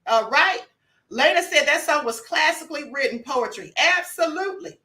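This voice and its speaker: A woman with a high, bright voice hosts a casual commentary livestream. She talks in a chatty, emphatic way and keeps checking in with her listeners. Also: lively intonation, moderate pace. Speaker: live stream host. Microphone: computer mic on live stream.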